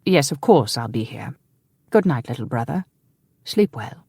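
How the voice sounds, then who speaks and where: A woman voicing a cold, commanding English lord who speaks in curt, hushed orders. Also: very deep voice, sing-song, measured pace, husky, dry recording, clean studio sound, full character voice. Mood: gentle.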